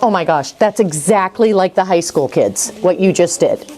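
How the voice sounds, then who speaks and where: Brisk coaxing woman teacher in class. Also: fairly low pitch, expressive, a little mellow. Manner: brisk, coaxing, repeats prompts. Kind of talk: classroom writing lesson.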